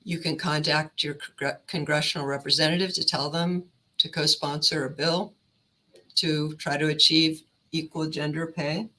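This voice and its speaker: A woman career counselor giving a steady, instructive presentation on negotiating. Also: deep voice, normal speed, rough recording.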